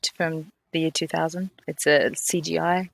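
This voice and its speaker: A woman's voice: low voice, level tone, moderate pace, gravelly. A woman who grew up in the UK, a guest on a film podcast, talking in an enthusiastic, rambling way. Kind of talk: casual chat.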